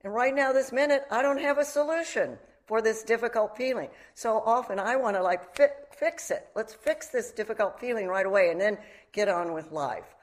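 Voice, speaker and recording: A woman's voice: fairly high pitch, moderate pace, hardly any pauses. A middle-aged woman giving a meditation talk, reflective and candid, mixing teaching with personal stories. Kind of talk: dharma talk.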